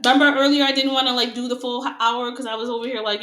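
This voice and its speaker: A woman's voice: fairly high pitch, fairly even intonation, very fast, bright, forceful tone, roomy sound. A woman giving a casual tarot reading to her viewers, frank and repetitive, asking rhetorical questions and laughing often. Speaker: tarot reader.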